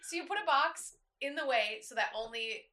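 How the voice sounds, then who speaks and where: A woman's voice: high voice, normal speed, pushed and bright. A woman co-hosting a podcast, chatting casually, laughing often and explaining things step by step. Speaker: podcast co-host. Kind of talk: casual chat.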